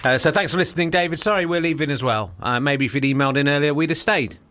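Fast-talking, teasing male radio host. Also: on the high side, fairly bright tone. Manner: rambling, dry and teasing. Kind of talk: casual radio chat. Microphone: studio microphone.

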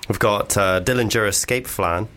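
Playful man with a deep voice. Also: normal speed, sharp tone, slight background noise. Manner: playful, bursts into put-on accents. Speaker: podcast co-host. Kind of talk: casual comedic chat.

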